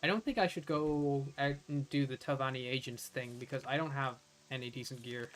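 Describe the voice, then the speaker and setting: A man's voice: medium pitch, fairly even intonation, a little fast, fairly bright tone. A man from Ireland streaming a game, chatting casually and rambling with lots of fillers. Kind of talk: casual gameplay commentary.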